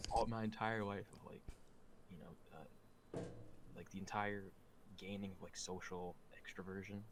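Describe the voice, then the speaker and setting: A man's voice: on the low side, big pitch swings, a little slow, pauses often, background noise. A man chatting casually on a podcast, rambling with lots of fillers and restarts. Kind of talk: casual chat.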